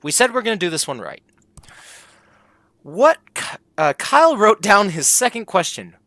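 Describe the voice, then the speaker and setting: A man's voice: high-pitched, very animated, normal speed, fairly bright tone, dry recording. A man reading out the text of a comedy game as he plays, joking about the choices in a playful way and putting on voices for the lines. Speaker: gameplay commentator.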